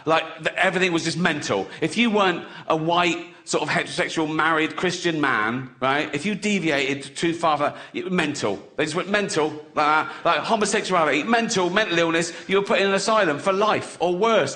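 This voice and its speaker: A man's voice: fairly high pitch, sharp tone. An English man performing a sardonic stand-up routine, acting out characters and often laughing at his own jokes. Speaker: stand-up comedian.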